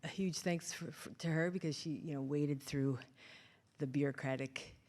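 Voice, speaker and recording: A woman's voice: deep voice, steady tone, moderate pace, a little mellow. A woman organizer giving thanks at a public university event in a chatty, grateful and slightly emotional way. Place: university lecture hall.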